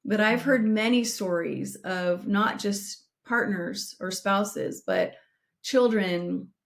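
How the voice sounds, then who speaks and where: A woman's voice: mid-range voice, creaky. A middle-aged woman co-hosting a podcast, giving direct advice and telling a painful personal story in an earnest way. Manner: earnest, direct, slows down for emphasis. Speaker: podcast co-host.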